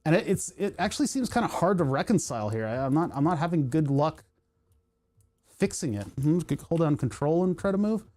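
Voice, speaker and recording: A mellow, darker voice belonging to a streamer from Pennsylvania, talking at an even, middling pitch. They chat casually while working at a computer, drifting from one tangent to the next and breaking off their own sentences. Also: brisk. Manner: rambling, tangent-prone, self-interrupting.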